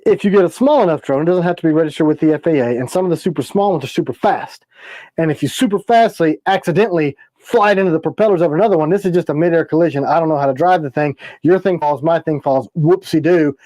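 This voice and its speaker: Casual male livestream host, slightly high voice, sarcastic and lively, dry close sound. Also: quick pace, no echo. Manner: animated, sarcastic storytelling. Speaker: knife maker, livestream host. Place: workshop or shop.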